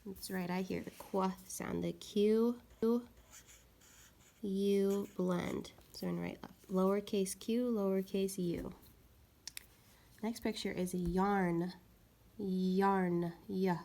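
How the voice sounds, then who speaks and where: A woman teaching young children a reading lesson, slowly sounding out words and patiently encouraging them. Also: mid-range voice, fairly even intonation, gravelly, dark tone.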